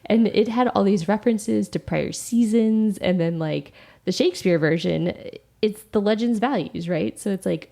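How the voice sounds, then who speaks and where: Woman, podcast co-host, casual chat, giggly, gravelly. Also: mid-range voice, normal speed. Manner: giggly, animated, often laughing while talking.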